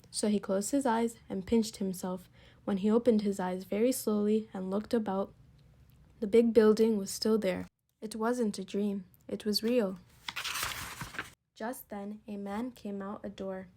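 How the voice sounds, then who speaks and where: Expressive woman reading a picture book. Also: medium pitch. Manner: expressive, slows and rises for emphasis. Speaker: storybook reader. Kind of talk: picture book read-aloud.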